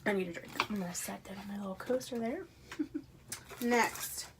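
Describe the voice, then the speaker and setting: A woman unboxing a subscription box at home, gushing and excitable, dropping into hushed whispers between bursts of delight. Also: medium pitch, moderate pace, background noise. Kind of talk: casual unboxing vlog.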